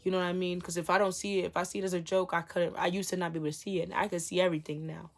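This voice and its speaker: A woman's voice: lowish voice, flat delivery, racing. A young woman talking frankly to camera about self-respect, slangy and blunt, swearing freely and acting out her own inner dialogue. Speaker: vlogger. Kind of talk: candid self-help talk to camera.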